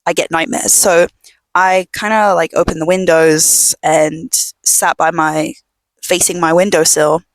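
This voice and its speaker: Soft-spoken young woman, rambling chat. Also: fairly low pitch, steady tone, measured pace, no room sound. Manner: rambling, filler-heavy storytelling with many "like"s; drops to a hush at times. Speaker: podcast host. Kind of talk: casual chat. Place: home.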